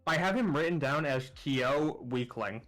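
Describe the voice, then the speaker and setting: A man's voice: a little high, lively intonation, a little slow, a bit bright, soft background music, low-quality recording. Man, tabletop player, short dry answers. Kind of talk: tabletop game play.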